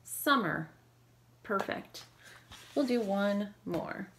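A woman teacher leading a phonics lesson, calling out brisk drill prompts and giving quick praise. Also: mid-range voice, expressive, a bit bright, a little hiss or hum.

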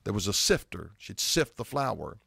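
A middle-aged man preaching a sermon, quoting scripture and slowing down hard on key words for emphasis. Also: fairly low pitch, sing-song, gravelly, fairly bright tone, husky, dry recording, studio quality.

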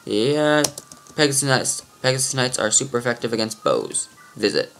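A man's voice: medium pitch, expressive, moderate pace, vocal fry, fairly bright tone. A man casually commenting on a video game and reading tutorial text, with mumbled offhand asides. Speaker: let's play host.

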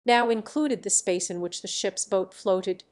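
A woman narrating an audiobook in a steady, measured reading voice. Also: mid-range voice.

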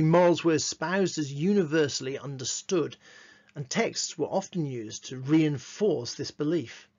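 A man giving a lesson on literature, reading quotations slowly and adding dry, wry asides. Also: on the high side. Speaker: teacher. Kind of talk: lesson with read-aloud quotations. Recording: dull lo-fi recording.

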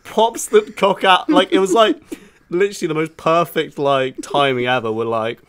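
A man's voice: on the high side, normal speed, a bit bright, clear, resonant tone. A young man co-hosting a podcast in casual chat, laughing through his story as he tells it. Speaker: podcast co-host.

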